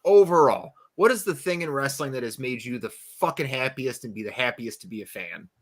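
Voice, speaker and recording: A young man co-hosting a podcast in loud, profane, playful chat that swings between shouting and mumbling. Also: mid-range voice, expressive, a little fast. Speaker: podcast co-host. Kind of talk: casual chat.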